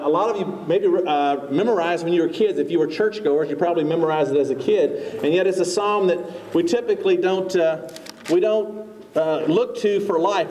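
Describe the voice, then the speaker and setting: High-voiced preacher in an echoey hall. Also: male voice, darkish tone, a little hiss or hum. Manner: conversational, filler-heavy, asks the congregation questions. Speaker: pastor. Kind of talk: sermon. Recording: echoey hall, distant mic.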